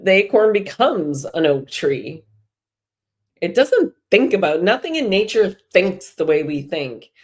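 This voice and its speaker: A low-voiced woman hosts a live spiritual talk for her viewers. She chats casually, drifts between stories and encouragement, and laughs easily as she goes. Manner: warm, chatty, laughs often. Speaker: host of a live spiritual energy show.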